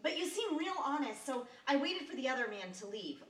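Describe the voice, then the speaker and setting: A woman's voice: high-pitched, sing-song, a little fast, recorded from a distance. An actress playing a worried, earnest young woman who apologizes and seeks reassurance. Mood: anxious. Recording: roomy stage heard from afar.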